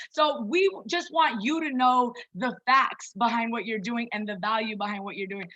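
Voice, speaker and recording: A woman's voice: high-pitched, pushed and bright, dull audio. A woman in her thirties giving a casual, chatty online presentation as a wellness coach, talking personally to her listeners as "you guys.". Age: 30s. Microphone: video call.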